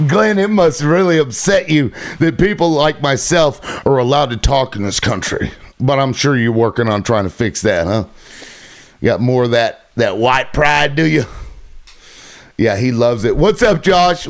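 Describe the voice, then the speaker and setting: A man's voice: mid-range voice, a little slow. A man hosting a livestream, ranting with heavy swearing and sarcasm, irritated. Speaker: livestream host. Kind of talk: profane livestream rant.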